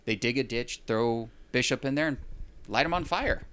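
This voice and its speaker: A man's voice: mid-range voice, normal speed, a bit bright, slight background noise. A man in casual chat, recapping a film in a rambling way with wry, sarcastic asides.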